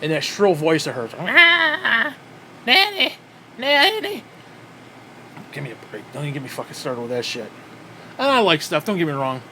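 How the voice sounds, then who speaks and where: A man's voice: fairly high pitch, lively intonation, fast, a bit bright, a little hiss or hum. A man ranting in a wrestling review, profane and exasperated, with frequent sighs.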